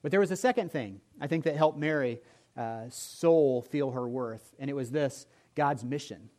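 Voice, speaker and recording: A man preaching a sermon as pastor, telling stories with humor and shifting between loud and soft delivery. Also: medium pitch, normal speed. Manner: storytelling with humor, lively swings in volume.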